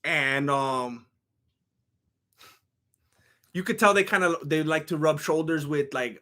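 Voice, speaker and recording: A man's voice: on the high side, unhurried, pauses often, sharp tone. A man streaming live, chatting to his audience in a rambling, self-deprecating, laid-back way. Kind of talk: casual live-stream chat.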